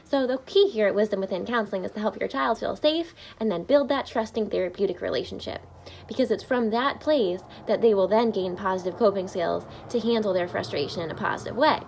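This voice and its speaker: A woman's voice: mid-range voice, fairly quick, creaky, darkish tone, a little hiss or hum. A woman family therapist, speaking upbeat and informally to parents, with frequent "um" fillers. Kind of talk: informational talk to camera.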